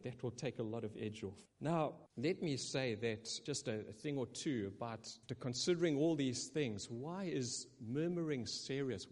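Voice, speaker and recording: Male pastor, mid pitch, earnest preaching in a reverberant church hall. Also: darkish tone. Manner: earnest preaching, acting out quoted complaints. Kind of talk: sermon.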